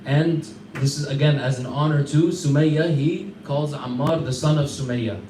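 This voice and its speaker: Man, class teacher, slightly high voice, casual animated storyteller; distant mic in a noisy echoey room. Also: moderate pace. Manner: casual animated retelling with Arabic fillers.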